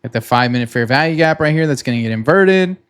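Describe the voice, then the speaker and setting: A man casually talking through his trading session on a screen share, relaxed and chatty, pointing at the chart as he explains. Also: fairly high pitch, smooth. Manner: relaxed and chatty, many "like"s, quick laughs; talks himself through the chart while pointing at it. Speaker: futures trader recapping his trading session.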